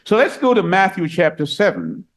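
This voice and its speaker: A man preaching a sermon, reading scripture aloud and explaining it, repeating key phrases and rising higher and louder for emphasis. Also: huge pitch swings, normal speed.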